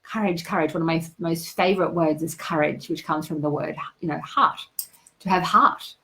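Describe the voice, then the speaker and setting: Woman, business coach on a live stream, effusive and motivational, a bit low-pitched. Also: normal speed, sharp tone, rough recording. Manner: effusive, greets viewers by name, motivational. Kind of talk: live stream chat with viewers.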